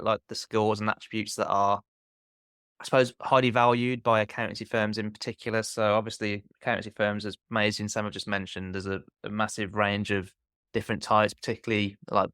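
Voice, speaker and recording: Man, podcast host, casual chat, clear voice, dry sound. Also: fairly low pitch, fairly bright tone, dry recording. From Black Country, England.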